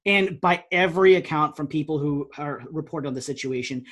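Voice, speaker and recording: Male podcast co-host, opinionated, husky voice. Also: a little high, brisk, fairly bright tone. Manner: opinionated, emphatic. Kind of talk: casual sports podcast chat.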